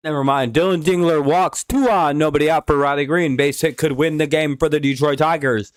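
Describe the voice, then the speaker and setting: A man's voice: on the high side, moderate pace, dry recording, clean studio sound. A man hosting a live game watch-along, swearing freely and slipping into mock announcer play-by-play, a little tipsy from drinking. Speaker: livestream host.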